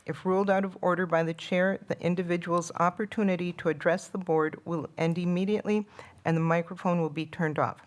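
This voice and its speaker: A woman chairs a school board meeting and reads out the rules for public comment. Her voice sits a little low, and her delivery is formal and procedural. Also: steady tone, a little fast.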